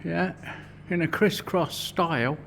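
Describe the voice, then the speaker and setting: A man's voice: fairly high pitch, slow, creaky, fairly bright tone, slight background noise. Sweary man in a workshop. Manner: blunt, swears a lot, chatty. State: out of breath at times. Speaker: vlogger and metal fabricator. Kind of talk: casual workshop vlog narration.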